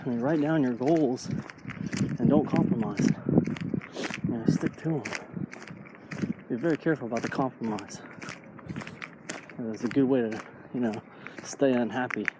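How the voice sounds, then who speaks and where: A man's voice: medium pitch, moderate pace, pauses often. A man in his late thirties talking casually while walking outdoors, rambling and saying "man" a lot. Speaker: vlogger. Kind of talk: casual walking vlog monologue. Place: outdoors on a neighborhood street. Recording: noisy outdoor street recording.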